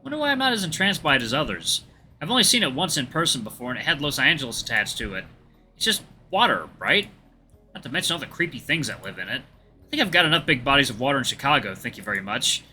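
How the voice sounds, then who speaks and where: A man's voice: mid-range voice, big pitch swings, fast, bright, forceful tone, faint music behind. A man reading a visual novel aloud as a let's play host, with chatty asides to viewers.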